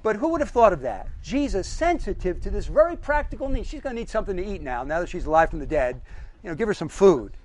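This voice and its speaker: A man's voice: sits high, very animated, fast, darkish tone, rough recording. A man preaching a sermon with emphasis, listing his points one by one and asking the audience questions.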